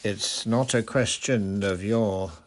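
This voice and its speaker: A dignified male centaur teacher, calm and grave, as a man reads him, speaking slowly in a low voice. Every word is measured and unhurried. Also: a little hiss or hum.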